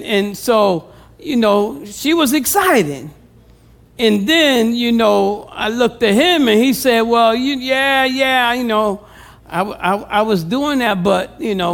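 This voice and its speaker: A man's voice: high voice, gravelly. A male pastor preaching a sermon with humor, calling out questions to the congregation.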